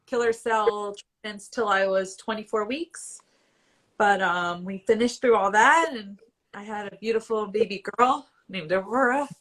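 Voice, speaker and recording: A woman's voice: medium pitch, a bit bright, rough recording. A woman in her forties telling her own story as a patient in a live Q&A, candid and conversational, at times emotional. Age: 40s. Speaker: IVF patient guest.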